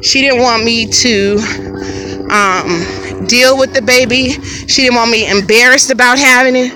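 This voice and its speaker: Bright high-voiced woman telling her story. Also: unhurried, soft background music, rough recording. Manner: frank and conversational, addresses viewers directly. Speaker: family vlogger. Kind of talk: candid personal storytelling. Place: outdoors by a lake.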